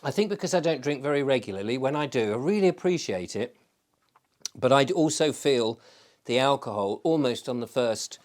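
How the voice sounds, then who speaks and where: An Englishman chats alone in a loose, wandering way, drifting from one thought to the next. He pokes fun at himself and keeps the talk light, smoking a pipe at home as he goes. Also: mid-range voice. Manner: rambling, self-mocking, digressive. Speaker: show host. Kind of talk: casual solo chat.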